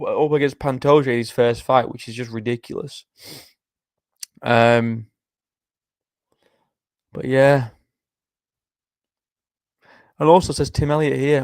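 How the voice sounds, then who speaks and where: A man's voice: mid-range voice, dry recording. Young guy streaming, knackered and yawning, swears a lot, dry close sound. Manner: chatty, swears often, reads chat aloud. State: tired, yawning. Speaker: livestream host making fight predictions. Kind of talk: casual chat.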